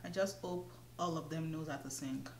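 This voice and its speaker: A woman's voice: deep voice, normal speed, roomy sound, a little hiss or hum. A young woman chatting casually while doing her makeup, laughing often. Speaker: beauty vlogger. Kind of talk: casual get-ready-with-me chat.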